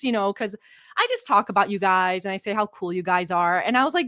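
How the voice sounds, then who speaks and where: A woman's voice: medium pitch, animated, fast talker, a bit bright, no echo, clean studio sound. A woman from the Middle East, whose first language is not English, hosting a casual livestream from home. She is giddy and silly, reads chat comments aloud, and swears freely. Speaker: livestream host.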